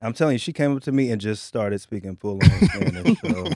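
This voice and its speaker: A man co-hosting a casual chat, joking and telling a quick story of his own. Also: mid-range voice, sing-song, darkish tone.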